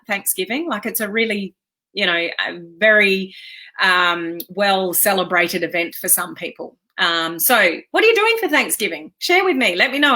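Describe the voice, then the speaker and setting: A woman's voice: mid-range voice, sharp tone. A woman with an Australian accent hosting a casual live stream, chatty and upbeat, greeting viewers by name and laughing often.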